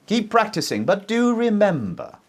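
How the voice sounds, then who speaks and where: A man teaching English as a native speaker, modelling sentences for learners to repeat in a pronunciation lesson. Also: sits high. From English-speaking country. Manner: very lively teacher intonation, slow deliberate pacing.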